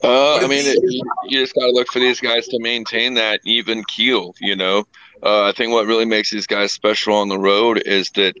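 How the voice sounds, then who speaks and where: Man, co-host, lowish voice, bright edge, dull lo-fi sound, dry teasing humor. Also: little pitch movement, moderate pace, dry recording. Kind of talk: casual sports chat.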